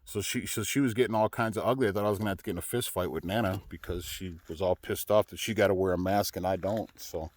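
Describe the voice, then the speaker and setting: A man's voice: deep voice, fairly even intonation, fast talker, hardly any pauses. A man, a truck driver, chatting casually to his viewers in a rambling way, full of fillers and restarts.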